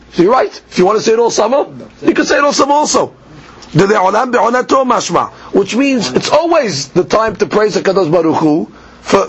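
A man's voice: sits high, slightly rough. A man teaching a Talmud lesson, reading text line by line and explaining it, often stumbling and repeating words. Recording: dull lo-fi recording with faint noise.

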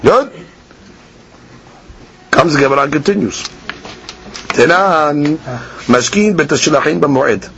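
A man's voice: on the high side, animated, vocal fry, fairly bright tone, a little hiss or hum. Man teaching Talmud in a sing-song. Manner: sing-song reading of the text, then quick plain explanation; asks and answers his own questions. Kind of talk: Talmud lecture. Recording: dull lo-fi podcast recording with faint ambience.

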